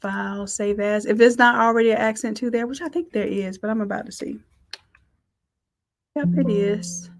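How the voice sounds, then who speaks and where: A woman's voice: on the high side, fairly even intonation, normal speed, gravelly. A woman teaching a live design class, talking in an upbeat, chatty way and thinking aloud as she works. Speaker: design instructor. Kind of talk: live software tutorial.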